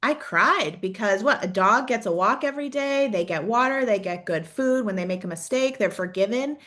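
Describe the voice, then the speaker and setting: A woman's voice: mid-range voice, expressive, normal speed, a bit bright. A woman career coach giving an encouraging, conversational talk, asking reflective questions and often adding "right?". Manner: conversational, peppers sentences with "right?".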